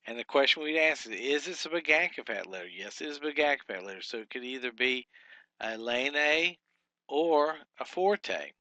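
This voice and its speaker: A man teaching a recorded workbook lesson, methodically thinking aloud and sounding out syllables slowly. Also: mid-range voice, lively intonation, bright, forceful tone, no echo. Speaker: Hebrew teacher.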